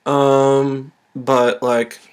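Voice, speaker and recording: A man's voice: medium pitch, flat delivery, drawn-out words, clear, resonant tone. A young man co-hosting a casual chat, chatty and joking in a goofy way. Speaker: podcast co-host.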